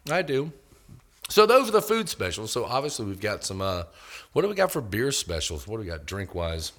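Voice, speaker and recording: A man's voice: fairly low pitch, big pitch swings, a little fast, a bit bright. A man co-hosting a casual podcast, trading jokes and irreverent banter. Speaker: podcast co-host. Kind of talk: casual chat.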